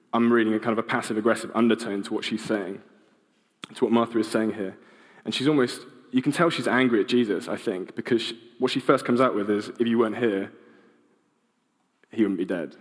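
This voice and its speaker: A man's voice: lowish voice, long reverb tail. Casual, hesitant young man preaching. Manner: casual, hesitant, many ums and restarts. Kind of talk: informal sermon.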